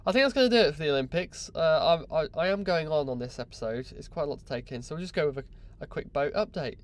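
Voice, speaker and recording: A man talking through his own podcast from a crew cabin on board a yacht. His voice sits a touch high, and his delivery is chatty, excitable and full of self-mockery. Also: fast talker. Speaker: podcast host. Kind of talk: solo podcast chat.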